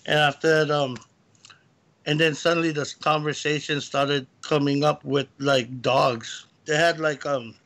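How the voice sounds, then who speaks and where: Gravelly-voiced man telling a story. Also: on the high side, steady tone, a bit bright. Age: adult, lived in California. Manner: rambling, halting retelling of a personal encounter. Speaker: guest caller. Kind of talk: casual storytelling.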